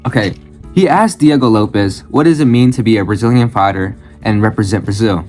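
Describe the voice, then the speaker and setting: A man's voice: fairly low pitch, fairly quick, a little mellow, soft background music. A man giving blunt reaction commentary on his own channel, ranting and swearing freely, often repeating phrases in bursts. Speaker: channel host.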